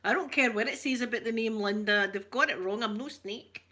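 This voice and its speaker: Chatty Scottish woman, bright laughing voice. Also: on the high side, a little fast. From Scotland. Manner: chatty, laughs often, jokes with viewers; broad, rough-edged local speech. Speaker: ASMR livestream host. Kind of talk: casual chat.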